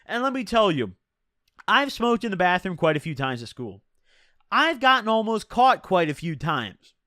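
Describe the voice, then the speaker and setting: Lively-pitched young man telling a story. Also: normal speed, no echo, clean studio sound. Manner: slangy, profane, chatty. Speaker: vlogger telling a personal story. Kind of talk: casual storytelling.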